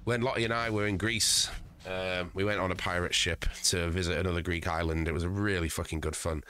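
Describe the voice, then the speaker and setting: A man's voice: sits low, fairly even intonation, fairly quick, bright, forceful tone, a little hiss or hum. A man streaming live from home, chatting casually with a profane, rambling manner and stuffed up with a cold. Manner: profane, rambling, chuckling at his own jokes. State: congested with a cold.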